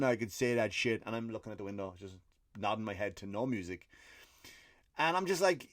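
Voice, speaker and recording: An Irish man hosting a comedy podcast, telling a story in a profane, animated ranting monologue with acted-out quotes. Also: fairly low pitch, brisk, no room sound, clean studio sound. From Ireland.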